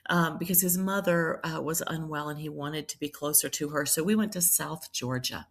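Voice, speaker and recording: A middle-aged woman from Charleston, South Carolina, who is a priest and a nurse, tells her life story in a podcast interview. Her voice sits low and moves at a moderate pace, and she sounds reflective, with plenty of ums and restarts.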